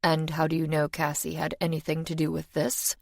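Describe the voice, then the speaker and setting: A woman's voice: sits low, completely flat delivery, brisk, creaky, darkish tone, no echo, studio quality. Brief: woman voicing a protective male mage, harsh and clipped.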